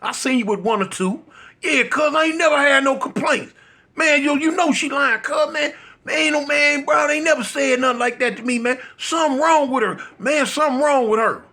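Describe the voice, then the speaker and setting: A man voicing his boastful young friend from the gang in a told story, protesting loudly and repeating himself insistently. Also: very high-pitched, expressive, fairly quick, voice pushed up, exaggerated voice. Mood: indignant. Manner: loud, insistent, repetitive protesting.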